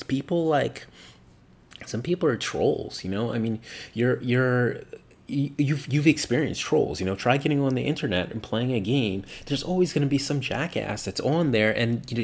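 A man with a middle-pitched voice talks casually through his opinions. He rambles, circling back with fillers and restarts. He is blunt and swears freely. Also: darkish tone, breathy edge.

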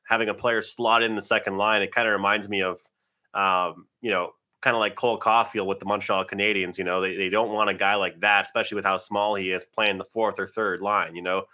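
A man with a fairly low but bright, forceful voice co-hosts a sports betting podcast. His talk is chatty, filled with "you know" and quick restarts. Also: level tone. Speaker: podcast co-host.

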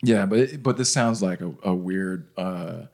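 A man's voice: sits low, unhurried, darkish tone. A man co-hosting a casual parenting podcast, chatty, laughing often and restarting his sentences. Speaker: podcast co-host. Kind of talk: casual chat.

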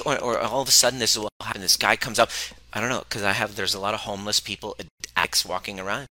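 Male relationship coach, blunt and repetitive, pitched low but with a sharp, forceful tone, close and dry. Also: steady tone, fast, dry recording, poor audio. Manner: emphatic and blunt, swears freely; repeats phrases for emphasis. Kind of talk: motivational talk to a live group.

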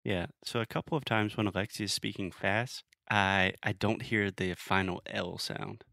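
Man, podcast co-host, low voice, dry close sound, playful explainer. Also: steady tone, normal speed, bright, forceful tone, no room sound. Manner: explains clearly, playful, teasing. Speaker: podcast co-host, English teacher. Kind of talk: casual conversational English lesson.

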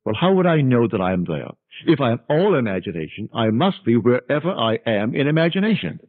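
A man's voice: mid-range voice, sing-song, brisk, no room sound. Man lecturing on a tinny old tape. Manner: earnest, emphatic, rising and falling delivery. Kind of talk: spiritual lecture.

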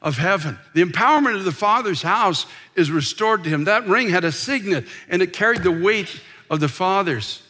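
A middle-aged male pastor preaching a passionate sermon from the pulpit, repeating words as he builds and dropping to soft, intimate tones. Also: high voice, expressive, moderate pace. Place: church sanctuary, from a pulpit. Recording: long reverb of a large church hall.

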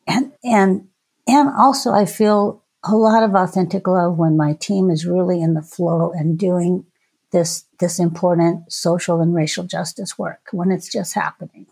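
A middle-aged woman talking as a podcast guest in a casual, reflective way, often pausing and restarting her sentences. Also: on the low side, fairly even intonation, gravelly, darkish tone, breathy edge. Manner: hesitant, many restarts and ums.

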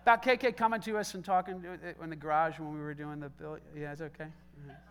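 A middle-aged male pastor preaches an animated sermon, swinging between loud exhortation and soft, conversational storytelling with joking asides. His voice is on the high side and he talks fast, with a little hiss or hum in the audio.

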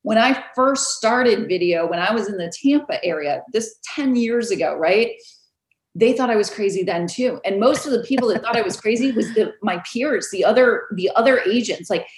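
Animated woman guest in an echoey room. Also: mid-range voice, moderate pace. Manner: animated storyteller, acts out quoted voices, laughs often. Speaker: realtor guest. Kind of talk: casual interview chat. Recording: roomy echo.

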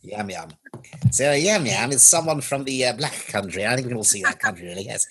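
A man's voice: mid-range voice, lively intonation, quick pace, fairly bright tone, breathy edge. A man co-hosting a podcast, chatting casually in a jokey, playful, mock-grand way. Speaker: podcast co-host. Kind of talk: casual chat.

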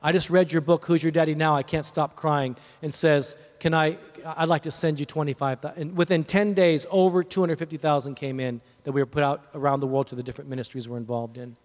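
Male preacher, high voice, fervent sermon delivery, long hall reverb. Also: steady tone, quick pace, hardly any pauses. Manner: builds to fervent shouting.

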